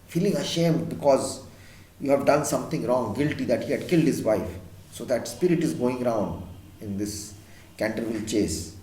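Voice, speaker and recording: A man's voice: medium pitch, expressive, moderate pace, dark tone, roomy sound, low-quality recording. A man teaching an English literature class, reading a story aloud and explaining it in simple words.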